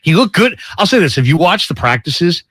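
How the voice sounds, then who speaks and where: A man's voice: on the high side, brisk, breathy edge, dry recording, studio quality. A man co-hosting a sports radio show, telling stories and giving opinions in casual banter. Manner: lively storyteller, opinionated.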